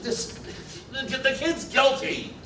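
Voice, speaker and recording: A man's voice: very high-pitched, fairly even intonation, slow. An actor playing a brash, sneering male juror in a 1950s film drama. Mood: scornful. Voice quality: blunt, sneering. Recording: roomy film soundtrack, distant, faint hiss.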